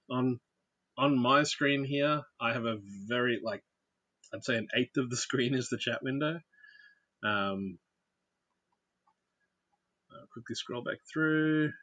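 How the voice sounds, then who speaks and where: A man's voice: medium pitch, slow, pauses often, a bit bright, no echo, dull audio. A man hosting a casual livestream, chatting and greeting viewers by name while he builds. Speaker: livestream host.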